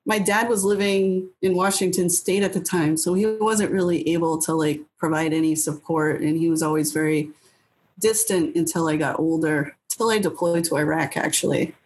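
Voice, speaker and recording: A New Hampshire woman in her thirties, appearing as an interview guest, tells casual stories bluntly, swearing freely and acting out lines from her past. Her low, darkish voice stays steady at a moderate pace, with slight background noise on a rough recording.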